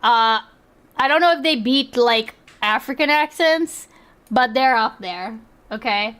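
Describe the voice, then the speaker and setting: A young woman streaming and reacting in casual chat, excitable, laughing often and swearing freely. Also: a little high, measured pace, smooth.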